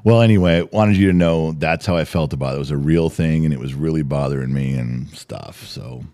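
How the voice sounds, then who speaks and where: A middle-aged man co-hosting a podcast at home, animated and swearing freely as he tells family stories. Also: very deep voice, brisk. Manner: animated, swears freely, acts out quotes loudly. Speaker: podcast co-host. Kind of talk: casual chat.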